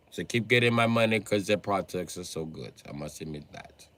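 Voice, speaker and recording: A man on a livestream who rants about cars in a profane, excitable way, now and then bursting into a shout. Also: lowish voice, fairly quick, hardly any pauses, dry recording. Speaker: livestreamer and car mechanic. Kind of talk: profane ranting livestream chat.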